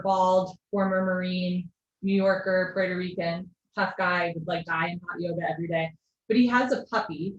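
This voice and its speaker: A woman leads a yoga class over a video call, her voice at a middle pitch. She calls out posture cues in a calm, even flow and drops in gentle asides. The sound is roomy and a little dull. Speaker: yoga teacher. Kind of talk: live online yoga class instruction. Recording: echoey lo-fi video call audio.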